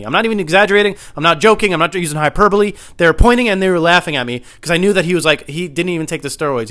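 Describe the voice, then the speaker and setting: A young man telling a comedic story in a rambling, anxious way, swearing often and building up to shouts. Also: a little high.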